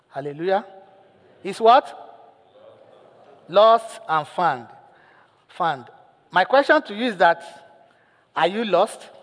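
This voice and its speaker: A male pastor preaching a sermon, telling a story with lively acted lines and putting questions to the congregation. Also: high voice, in a large hall.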